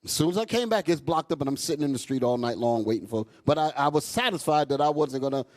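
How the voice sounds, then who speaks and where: A man preaching a fiery, profane sermon to his congregation, calling out to them as he goes. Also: fast. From United States. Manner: loud, animated, swings high and low, profane, asks crowd "y'all all right?".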